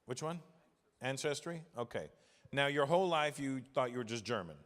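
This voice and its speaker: A man's voice: medium pitch, lively intonation, moderate pace, fairly bright tone. A male stand-up comedian, brash and teasing the crowd, on a noisy live stage recording.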